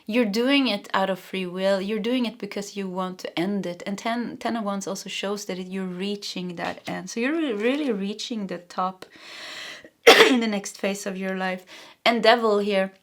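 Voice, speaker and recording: Woman tarot reader from Sweden, Swedish native speaking English, middling pitch, emotional and earnest delivery. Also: normal speed, a bit bright. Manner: emotional, earnest, frequent laughs and fillers. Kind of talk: pick-a-card tarot reading.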